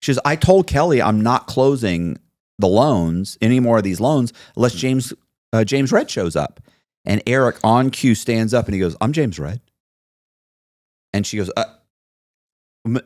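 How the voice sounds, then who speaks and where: A man's voice: mid-range voice, lively intonation, measured pace, long pauses, a little mellow, dry recording, clean studio sound. A man telling a story in a casual interview, acting out both sides of the conversations he recounts. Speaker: podcast guest telling his story.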